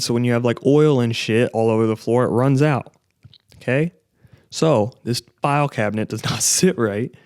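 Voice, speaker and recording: A young man hosts a casual podcast from his garage office, drifting from tangent to tangent and swearing freely. His voice sits at an ordinary middle pitch. It is caught close on a directional podcast mic with a dry, roomless sound. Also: dry recording. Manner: rambling and animated, swears a lot, says "bro" and "dude". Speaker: podcast host. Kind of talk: casual chat.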